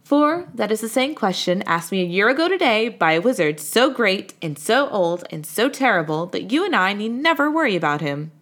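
A woman voicing a proud young woman in a storybook who speaks in a measured, self-assured way. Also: mid-range voice, sing-song, a bit bright.

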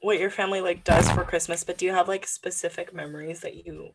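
A woman's voice: lowish voice, fast, gravelly, very noisy. Woman animatedly retelling a work story. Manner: animated retelling that acts out quoted people, many "like" fillers. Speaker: podcast co-host. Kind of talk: casual chat, storytelling.

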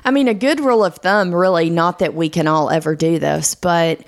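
This is a woman with a lowish voice and a gravelly fry running through her words. She co-hosts a casual podcast chat and works through her ideas thoughtfully, with an easy laugh here and there. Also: brisk. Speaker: podcast co-host.

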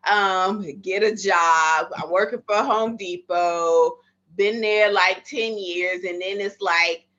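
A Miami-area midwife in her thirties, appearing as a podcast guest, tells her story in a casual interview, acting out her past thoughts and conversations. Her voice is medium-pitched, slow, and a bit bright. The audio is slightly dull and lo-fi.

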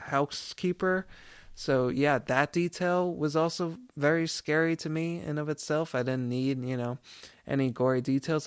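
A man's voice: medium pitch, clean tone, no room sound, clean studio sound. A man in his thirties co-hosting a podcast, chatting casually with lots of fillers and laughs. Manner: rambling, laughs often, many fillers. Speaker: podcast co-host. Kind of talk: casual chat.

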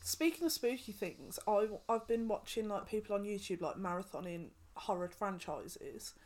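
A woman's voice: medium pitch, normal speed, a little mellow. Chatty young woman. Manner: chatty, rambling, laughs often. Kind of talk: casual chat.

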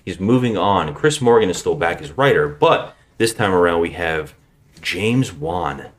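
A man with a deep voice hosts a casual podcast. His pitch swings a lot as he teases his guests and keeps things moving. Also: animated. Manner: jokey, quick banter. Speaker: podcast host. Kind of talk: casual chat.

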